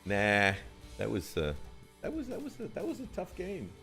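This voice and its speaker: A man's voice: wildly swooping pitch, moderate pace, gravelly, a bit bright, soft background music. A man co-hosting a casual chat about tabletop gaming, retelling a game with heavy, exaggerated sarcasm. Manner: sarcastic, exaggerated retelling with big swings in pitch. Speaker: co-host.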